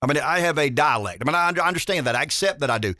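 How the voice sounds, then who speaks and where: A man's voice: on the high side, animated, very fast, bright, forceful tone, dry recording. A man with a rural Southern US accent hosting a talk radio show, speaking in an emphatic, folksy way and repeating words as he builds his points. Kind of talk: opinionated talk radio commentary.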